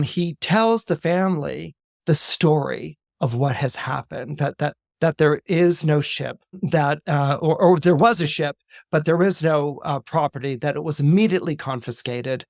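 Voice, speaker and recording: A man on a podcast retelling a fairy tale film in an animated storytelling way, with many fillers and restarts. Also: on the high side, creaky, no echo, clean studio sound. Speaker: astrologer podcast guest.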